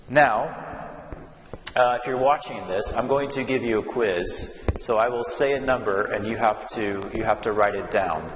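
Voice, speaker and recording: A man teaching an English lesson to learners, speaking slowly and carefully and repeating words so they can follow. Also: on the low side. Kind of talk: slow classroom lesson. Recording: echoey room with long reverb, faint noise.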